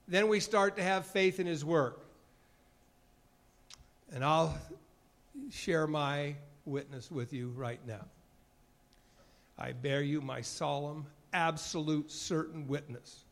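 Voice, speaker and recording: Speaking in a slightly high, creaky voice, a man who once served as a mission president gives a devotional talk. His sermon is earnest, mixing testimony with brief acted-out exchanges from that time, and emotion sometimes chokes him up.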